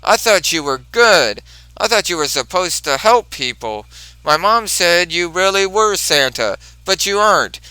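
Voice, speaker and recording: A man voicing a tearful, disappointed little girl pleading softly. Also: high voice, lively intonation, a little slow, smooth, no room sound, voice pushed up, heavily acted, poor audio. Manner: pleading, soft-spoken.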